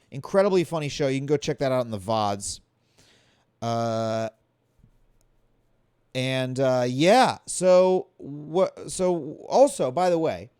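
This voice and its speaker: A man's voice: on the high side, darkish tone, clear, resonant tone, no room sound, studio quality. A middle-aged man, a comedian hosting his live stream, chatting casually and joking while he greets viewers by name. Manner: breezy, jokey, greets chat by name. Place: large stone library.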